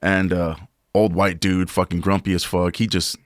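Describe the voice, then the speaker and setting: A man's voice: sits low, moderate pace, dry recording, studio quality. A man on a podcast telling a long work story in a casual, profane way, saying "bro" a lot. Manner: profane, animated, says "bro" often.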